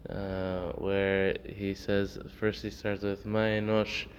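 Taking his time, a man with a lowish voice and little pitch movement teaches an informal Torah class. He tells stories with lots of fillers and acts out the people in them, heard on a dull, lo-fi recording with faint noise.

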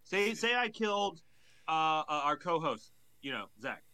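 Crude rambling young man, bright voice. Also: on the high side, sing-song, unhurried, clean tone. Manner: crude, rambling, swears a lot. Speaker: podcast co-host. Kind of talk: casual comedic chat.

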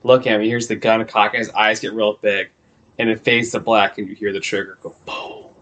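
A man co-hosting a podcast in casual chat, excitedly pitching dramatic scene ideas. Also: moderate pace, dull audio. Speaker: podcast co-host. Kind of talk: casual chat recapping a TV episode.

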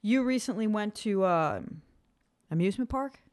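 This woman in her forties is co-hosting a relaxed podcast conversation. She tells her stories with plenty of animation and slips into the voices of the people she quotes. Her voice sits at a middle pitch. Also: moderate pace. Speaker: podcast co-host. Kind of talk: casual chat.

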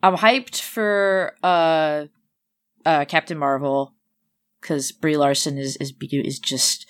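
A woman's voice: low voice, steady tone, slow pace. A woman co-hosting a casual chat, laid-back and wry. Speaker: podcast co-host.

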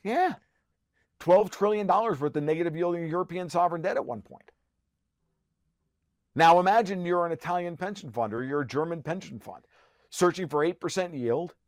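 Profane, ranting man, slightly high voice. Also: dry recording, studio quality. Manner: profane, rapid restarts and filler-heavy; sarcastic and mocking. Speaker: podcast guest. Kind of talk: heated conversational ranting.

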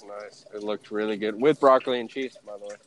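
A man's voice: fairly low pitch, fairly even intonation, quick pace, slight background noise. A man with a Southern US accent co-hosting a casual, profane, joking chat show. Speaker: podcast co-host.

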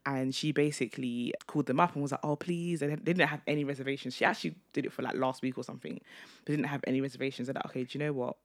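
Fast-talking woman co-host. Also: a bass voice, steady tone. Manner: chatty, fast, peppered with "like". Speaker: podcast co-host. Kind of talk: casual chat.

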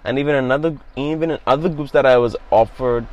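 A man's voice: medium pitch, fast. A young man hosting a podcast, talking earnestly and appreciatively with his mother. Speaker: podcast host. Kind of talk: casual conversation.

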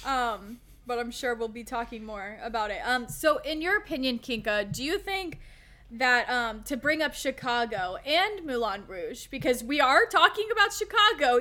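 A woman's voice: sits high, pushed and bright. A woman co-hosting a casual podcast chat, ranting bluntly and profanely. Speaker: podcast co-host.

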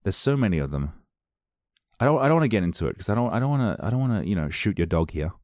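A man's voice: fairly low pitch, sing-song, fast talker, a little mellow, no room sound, clean studio sound. A man reviewing films on his own podcast, talking casually, enthusiastically and in a rambling way.

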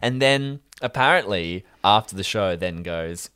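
A man's voice: a little slow, hardly any pauses, smooth, dry recording, studio quality. A young man chatting on a podcast, telling stories with swearing and mocking voices. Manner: animated storyteller, swearing, bursts into high mocking voices. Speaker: podcast co-host. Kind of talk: casual chat.

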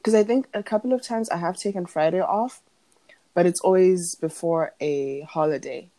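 A woman's voice: fairly low pitch, normal speed, dark tone, dry recording. Sleepy chatty woman podcaster. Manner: chatty, rambling, laughs often. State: sleepy morning voice. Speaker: podcast co-host. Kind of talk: casual chat.

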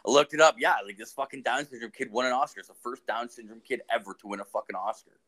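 A man's voice: mid-range voice, fast, fairly bright tone, low-quality recording. A man hosting a podcast, talking in crude, profane, blunt casual banter and laughing often. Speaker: podcast host.

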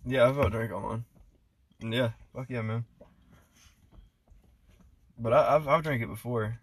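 A man co-hosting a casual podcast, swearing freely and getting loud while he tells stories. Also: medium pitch, a little slow, breathy edge, no echo. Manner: loud swearing storyteller, puts on voices for jokes. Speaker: podcast co-host.

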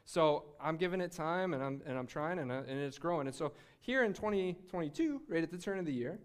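A man preaches through a personal faith story with lively energy, often laughing and restarting his sentences. His voice sits a little higher than most men's. It has the rhythm of sermon-style storytelling. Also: a little fast. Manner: animated, laughing, with frequent restarts. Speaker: speaker sharing a faith testimony.

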